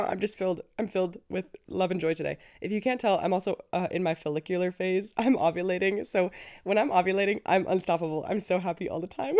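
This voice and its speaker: A woman's voice: mid-range voice, fast talker, darkish tone. A woman in her twenties hosting a casual solo podcast, chatty and effusive, laughing often. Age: 20s. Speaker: podcast host.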